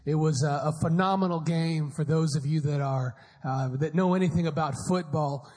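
A man preaching a sermon, telling a story and often shouting with passion. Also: fairly high pitch, normal speed. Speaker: pastor. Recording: echoey hall.

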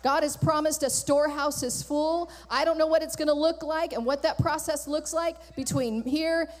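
A woman pastor preaches with emphatic, animated energy, driving her points home through repetition. Her voice sits high, and it rings out with the long reverb of a church sanctuary. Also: moderate pace. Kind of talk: sermon.

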